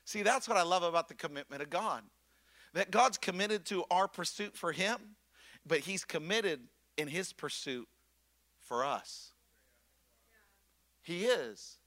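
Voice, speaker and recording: A man preaching a sermon with passion, often repeating words as he builds momentum, rising to loud excitement and dropping to a hush. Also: high-pitched. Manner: impassioned, swings from loud excitement to hushed softness. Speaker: pastor.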